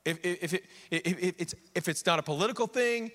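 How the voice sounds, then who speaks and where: A male pastor preaching an animated sermon, swinging between quiet asides and raised preaching and acting out the figures in quick voices. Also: sits high, long reverb tail. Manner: acts out the king and others in quick voices. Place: church sanctuary.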